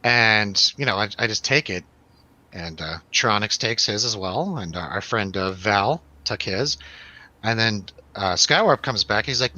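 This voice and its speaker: A man's voice: on the low side, animated, a little slow, bright, forceful tone, no echo, poor audio. A man hosting a radio show, telling a rambling, laughing, swearing story in a casual chat.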